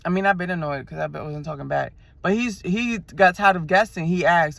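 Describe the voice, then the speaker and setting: A bright, crisp voice belongs to a woman in her twenties with a New York accent. She tells stories from the seat of her car in casual, slangy talk and slips into the voices of the people she quotes. The sound is close and dry, with no room echo. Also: lowish voice, a little fast, hardly any pauses. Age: 20s. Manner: animated, slangy, acts out quotes. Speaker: vlogger. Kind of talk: casual storytelling chat. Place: inside a car.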